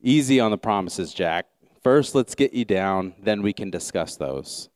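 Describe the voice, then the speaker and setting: A man playing God in a story, calm, patient, unhurried, a touch lower than his own voice, smooth and close. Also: no room sound. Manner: slow, steady and reassuring.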